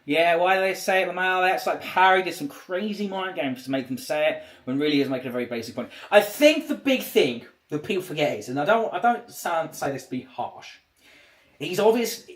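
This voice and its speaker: A man's voice: a little high, expressive, fairly quick. A man, chatting casually on a livestream and rambling through restarted sentences. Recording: roomy echo.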